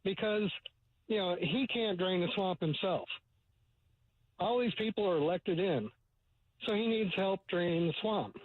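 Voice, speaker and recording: A man's voice: high-pitched, unhurried, long pauses, a little hiss or hum. A man calling in to a radio show, asking questions in a plain, earnest way. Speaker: caller. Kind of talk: phone-in call. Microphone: telephone. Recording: tinny phone line.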